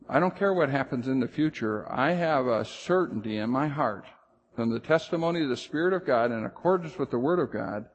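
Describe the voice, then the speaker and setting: A pastor preaching a sermon with emphasis, rising loud on key phrases and dropping low and slow to drive points home. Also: male voice, big-room sound, dull audio, a little hiss or hum.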